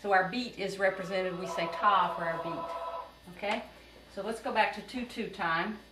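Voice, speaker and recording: A woman's voice: mid-range voice, fairly even intonation, moderate pace. A woman teaching a music lesson, explaining rhythm and beat patiently step by step. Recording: roomy, distant, noisy home recording.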